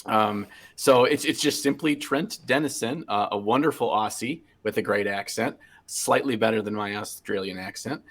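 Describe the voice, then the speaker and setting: A man's voice: on the low side, normal speed, few pauses, a bit bright. A man guest on a podcast, telling a story in an easygoing way and laughing often. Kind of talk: casual chat.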